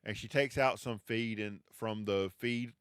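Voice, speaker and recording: A man narrating a tabletop game as game master in a relaxed, drawling way. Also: fairly low pitch, measured pace, clean tone, dry recording, studio quality.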